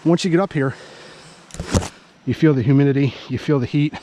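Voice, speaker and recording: A man's voice: mid-range voice, fairly quick, warm tone. A middle-aged man, chatting casually as he vlogs outdoors by a cave. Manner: folksy and chatty, talks sweetly to a stray dog. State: out of breath from climbing a hill. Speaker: vlogger. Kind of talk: casual outdoor vlog narration.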